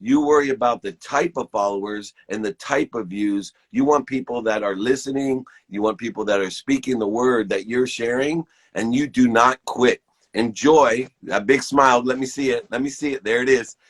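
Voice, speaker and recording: A man's voice: mid-range voice, moderate pace, breathy edge. A man in his fifties giving an enthusiastic, preachy pep talk to viewers on a live stream, hosting it from his phone. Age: 50s.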